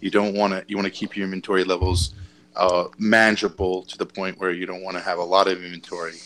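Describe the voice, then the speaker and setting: A man's voice: low-pitched, flat delivery, quick pace, fairly bright tone, rough recording. A man co-hosting a casual collectors' podcast, talking in loose stretches and repeating words as he works toward his point. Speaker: podcast co-host. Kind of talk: casual panel chat.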